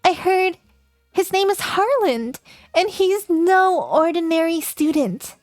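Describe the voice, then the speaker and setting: A woman's voice: very high voice, very animated, slow, no echo, faint music behind, pitched above the performer's own voice, full character voice. A woman voicing a sweet, bubbly schoolgirl best friend in a cutesy uwu voice for a dating game. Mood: gossipy.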